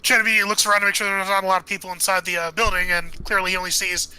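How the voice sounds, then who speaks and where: A man playing a tabletop game, describing his character's moves quickly and eagerly. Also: high-pitched, level tone, bright, forceful tone, clear, resonant tone, rough recording. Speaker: player.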